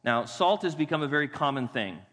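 A male pastor preaching a sermon, emphatic, repeating key phrases and slowing down to read scripture. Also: on the high side, lively intonation, a bit bright. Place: church sanctuary. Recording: long reverb of a church hall.

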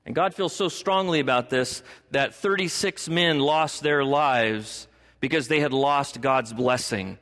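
A man's voice: a little high, a bit bright. A male pastor preaching a sermon, acting out the voices of biblical figures with dramatic shifts. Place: church sanctuary. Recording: long reverb of a large hall.

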